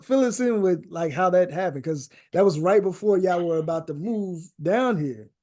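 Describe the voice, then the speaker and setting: A man hosting a podcast, talking in a relaxed, slangy way as he prompts his guest. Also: high voice, moderate pace. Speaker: podcast host. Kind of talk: casual interview.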